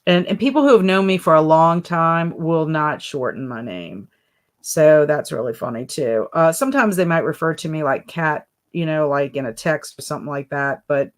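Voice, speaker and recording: A woman hosting a relaxed live stream, chatting in a rambling way and reading out viewer comments. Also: deep voice, moderate pace. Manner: rambling, chatty, lots of fillers. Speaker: livestream host reading chat comments. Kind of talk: casual chat. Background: soft background music.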